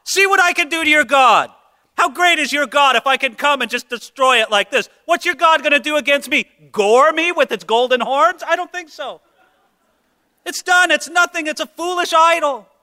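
A defiant ancient leader sneers and fires off taunting questions, as a preacher puts him on. The voice sits very high and piercingly bright. A long reverb trails every phrase through a large hall. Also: male voice, normal speed, full character voice. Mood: scornful. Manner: mocking, defiant rhetorical questions. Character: scornful ancient male leader taunting an idol.

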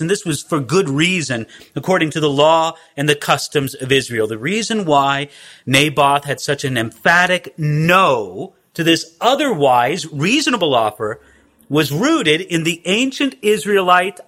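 A man's voice: fairly high pitch, sharp tone. A man teaching a Bible study in a conversational way, with wry asides.

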